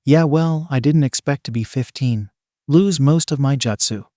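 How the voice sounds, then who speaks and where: A quick-tempered teenage boy who fights with explosives snaps out his lines, as a man reads him. The voice sits at a middling pitch. It is recorded dry and close to the mic, with no room sound. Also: dark tone, no room sound, close to an everyday voice. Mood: irritable. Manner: snappy, irritable. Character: hotheaded teen male explosives fighter.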